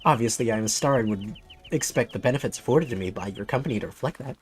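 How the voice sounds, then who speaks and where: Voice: medium pitch, animated, fast talker, natural voice. A streamer voicing a haughty female bird mascot who sees herself as a star singer, speaking in a pompous, theatrical way. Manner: pompous, theatrical, put-upon.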